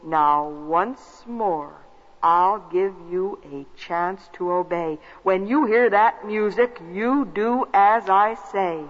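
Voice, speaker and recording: An actor playing a boastful old king who talks in a slow, commanding, theatrical way, on a lo-fi recording with long reverb. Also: high-pitched.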